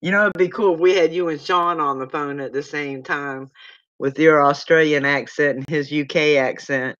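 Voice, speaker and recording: A woman's voice: deep voice, steady tone, moderate pace, a bit bright, dry recording. Folksy talk show host woman. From Virginia, USA. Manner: folksy, chatty, laughs often. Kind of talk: casual call-in chat. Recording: dull distant lo-fi sound.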